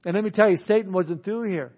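A man preaching a sermon, telling a scripture story with lively asides. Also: high-pitched, fast talker. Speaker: pastor. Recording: dull lo-fi sermon audio.

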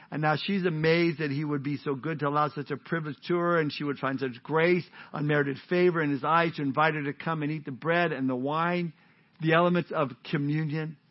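A pastor preaching a sermon in a casual, joking, conversational way, on a dull lo-fi recording. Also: male voice, fairly high pitch. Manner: conversational, joking, warm-hearted.

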